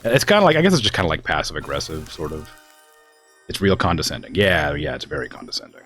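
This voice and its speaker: A man's voice: very deep voice, big pitch swings, quick pace, fairly bright tone, soft background music. A man from the US West Coast streaming a game, chatting casually and rambling with lots of fillers. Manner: rambling, filler-heavy, exasperated about family. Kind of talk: casual chat while gaming.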